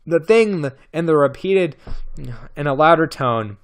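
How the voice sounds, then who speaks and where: A man's voice: fairly high pitch, lively intonation, a little slow, clear, resonant tone. A man reading a novel aloud as amateur audiobook narration, often stumbling and restarting words. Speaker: audiobook reader.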